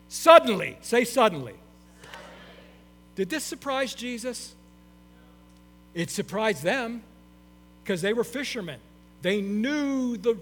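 High, lively-voiced emphatic preacher man. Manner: emphatic, repeats key phrases, addresses the congregation as church. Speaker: pastor. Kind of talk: sermon. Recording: long hall reverb with faint mains hum.

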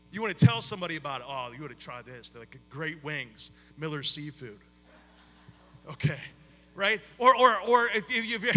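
In a large hall, a campus pastor with a high-pitched, pushed and bright voice delivers a conversational sermon that opens with a prayer. He talks in a church sanctuary, using plenty of fillers and repeating words.

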